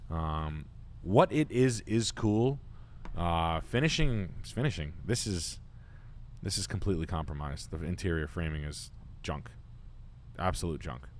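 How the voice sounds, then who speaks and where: A man's voice: low-pitched, animated, a little slow, darkish tone, a little hiss or hum. A man from the area, hosting a casual show and talking in a crude, rambling way full of fillers. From Boston area, United States. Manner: profane, blunt, rambling with many fillers. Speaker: podcast host.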